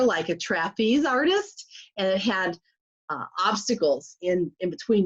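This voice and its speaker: A woman life coach telling a personal story in an animated way, acting out the voices of others. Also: medium pitch. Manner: animated, acts out quoted voices. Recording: slightly muffled recording.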